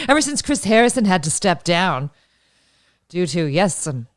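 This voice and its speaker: A woman's voice: lowish voice, big pitch swings, slow pace, no room sound, studio quality. A woman co-hosting a comedic chat show, joking and laughing through her sentences. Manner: jokey, laughs often mid-sentence. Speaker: podcast co-host.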